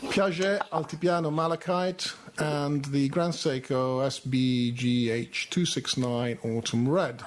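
A woman's voice: a bass voice, fairly even intonation, slow, few pauses, slight background noise. A woman hosting a casual online panel chat, tallying votes and saying "okie dokie" often. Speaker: panel show host.

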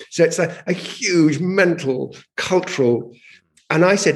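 This guest, also a language campaigner, has a fairly high-pitched voice and keeps a moderate pace through the interview. Animated in his storytelling, he often circles back, repeating words and starting over as ideas form.

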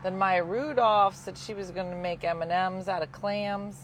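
A woman hosting a casual chat, telling a story in an animated way and acting out the voices of the people she quotes. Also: medium pitch, moderate pace, slight background noise.

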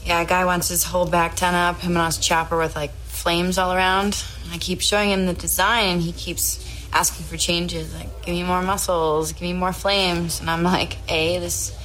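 A woman's voice: fairly low pitch, level tone, normal speed, fairly bright tone, slight background noise, natural voice, rough recording. A woman playing a blunt, weary tattoo artist in an ad skit, with a dry, exasperated way of telling things. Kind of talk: ad skit acting.

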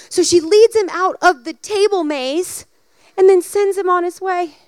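A woman preaching a sermon, telling a personal story in a lively, animated way and building to emphatic exhortation. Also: very high voice, normal speed, no echo.

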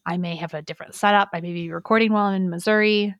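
A woman's voice: mid-range voice, fairly even intonation, very fast, dry recording, highs cut off. A woman co-hosting a podcast in casual chat, chatty and giggly with lots of fillers. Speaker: podcast co-host.

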